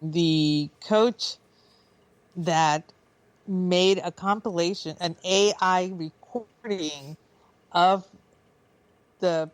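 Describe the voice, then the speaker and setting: A woman's voice: fairly low pitch, drawn-out words, pauses often, no echo, low-quality recording. A woman co-hosting a radio talk show, chatting casually with frequent restarts and easy laughter. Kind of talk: casual chat.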